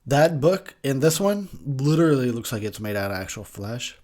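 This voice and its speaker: A young man riffing crudely over a horror movie, with beer in hand. His pitch swings a lot as he jokes, and he keeps breaking into laughter. He sounds casual and loose. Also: normal speed. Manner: crude joking, laughs often, animated. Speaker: movie commentary host. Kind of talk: casual drunk movie commentary.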